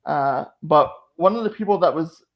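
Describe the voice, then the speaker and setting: A woman's voice: sits low, expressive, moderate pace, dull audio. A woman hosting a channel, chatting casually and emotionally, full of "like" fillers. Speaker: channel host. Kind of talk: casual chat recap.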